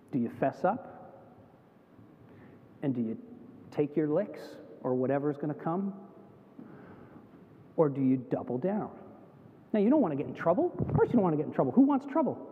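A man's voice: on the high side, slight background noise. A Canadian man preaching a sermon, telling stories and acting out the voices of the people in them. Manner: animated storytelling, acts out quoted voices. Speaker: pastor. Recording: tinny phone-like sound in a reverberant hall.

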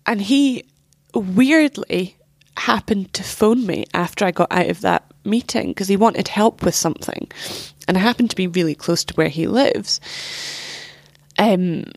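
A woman's voice: lowish voice, a little mellow, slightly rough, no echo. A young woman telling a painful personal story as an interview guest, candid and swearing, acting out what others said.

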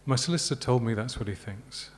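A man's voice: medium pitch, quick pace, a little hiss or hum, close to an everyday voice. A man reading as a weary, guarded young woman. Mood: teasing.

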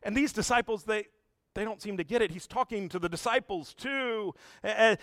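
A man giving a sermon as a lively, conversational story, often turning to talk straight to his listeners. His voice sits high and sounds bright and forceful. The recording is dry, with almost no room sound. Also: normal speed, dry recording. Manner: animated, chatty, addresses the congregation directly. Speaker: pastor.

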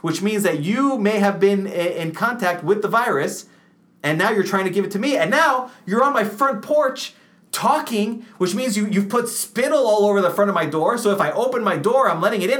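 A man in comic banter, ranting in a mock-panicked, shouty way. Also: high voice, animated, moderate pace.

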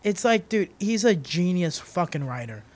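A man with a notably high voice chats casually about comedy and tells an animated story. He jumps between loud excited bursts and quiet asides, swearing freely as he goes. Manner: animated storyteller, heavy swearing, quick shifts in loudness. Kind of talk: casual chat.

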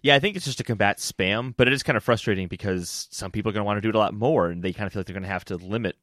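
A man's voice: lowish voice, rapid-fire, a bit bright, no echo, studio quality. A man co-hosting a gaming podcast in casual chat, easygoing and thinking aloud as he works through an idea. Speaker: podcast co-host.

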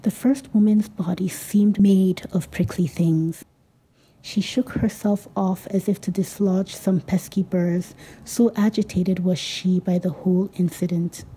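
A woman narrating a novel in a measured, descriptive audiobook style. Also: lowish voice, steady tone, mellow, husky, rough recording.

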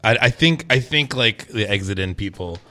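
A man's voice: on the low side, expressive, moderate pace, sharp tone. A man co-hosting a community radio show, chiming in playfully. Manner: playful, chimes in. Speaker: radio DJ co-host. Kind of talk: casual radio chat.

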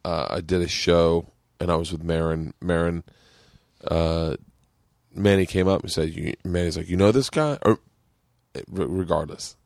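Low-voiced man rambling through a story. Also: measured pace, creaky, no echo, clean studio sound. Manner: rambling, excitable storyteller who laughs a lot. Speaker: podcast host. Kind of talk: casual chat.

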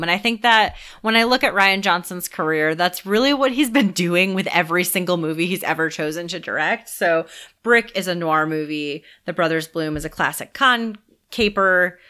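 A woman's voice: fairly low pitch, normal speed, pushed and bright, smooth. A woman co-hosting a film podcast, talking enthusiastically in casual discussion and often laughing. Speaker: podcast co-host.

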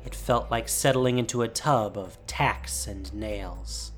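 Woman storyteller, low voice, lively intonation, soft music underneath. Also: takes it slowly. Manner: expressive storytelling. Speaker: narrator. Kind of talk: audiobook narration. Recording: faint music behind.

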